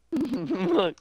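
A young man live-streaming a game, loud and crude, mocking what he watches and laughing often. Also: very high voice, heavy background noise. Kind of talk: casual live-stream commentary.

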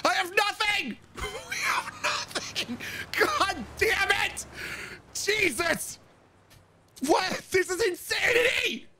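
A man's voice: very high voice, sing-song, slow, long pauses, bright, forceful tone, a little hiss or hum, pitched above the performer's own voice, exaggerated voice. A man voicing a brash, foul-mouthed young woman outlaw in a roleplay game stream, shrieking and cursing in a panic. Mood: frantic.

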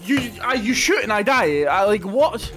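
A man's voice: high voice, sing-song, normal speed, fairly bright tone. A young man playing a game with a friend, chatting in a laid-back, bemused way and calling him "bro". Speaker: guest gamer. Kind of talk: casual gameplay banter. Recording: background game music. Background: music.

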